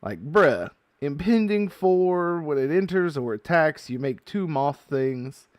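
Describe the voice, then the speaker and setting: A man's voice: a little high, takes it slowly, no room sound. A man hosting a casual card-opening video, chatting as he goes and reading card text aloud. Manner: chatty, reads card text aloud, gets loudly excited at good pulls. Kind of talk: casual unboxing commentary.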